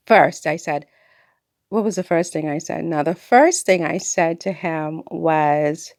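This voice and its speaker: Chatty rambling woman with gravelly fry. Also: low-pitched, unhurried, a little mellow, dry recording, clean studio sound. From Caribbean. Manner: rambling, chatty, bursts of laughter. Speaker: YouTuber. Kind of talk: casual vlog monologue.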